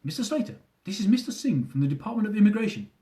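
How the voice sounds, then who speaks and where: A man's voice: high-pitched, big pitch swings, quick pace, mellow, roomy sound, pitched above the performer's own voice. Field: a man doing a formal male official with an Indian accent. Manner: formal, repeats the listener's title.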